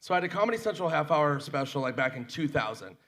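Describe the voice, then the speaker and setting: A stand-up comedian on a convention panel telling a story in an animated way, acting out what others said. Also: male voice, fairly high pitch. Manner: animated, quick storytelling, acting out quotes and laughing. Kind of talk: comic anecdote on a panel.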